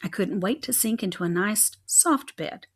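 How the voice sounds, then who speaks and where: A young adult woman reading a children's chapter book aloud in an expressive, rhythmic way. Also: medium pitch, moderate pace, slightly rough. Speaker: reader.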